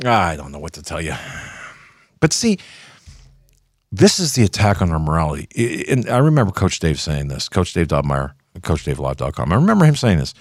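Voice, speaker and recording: An older male host delivering heated commentary in a very deep voice. His pitch leaps wildly, from low mutters to high shouts. The sound is dry and close, with no room echo. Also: big pitch swings, a little fast, husky. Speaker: talk show host. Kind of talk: opinionated commentary.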